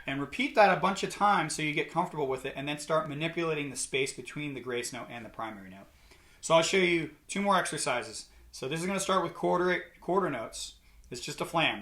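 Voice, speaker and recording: A man's voice: a little high, a little fast, heavy background noise. A man giving a drum lesson, explaining rudiments and calling out counts while he plays. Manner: calls out counts and rudiment names loudly over drumming. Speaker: drum instructor. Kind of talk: instructional lesson, counting along while playing. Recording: loud drumming behind the voice.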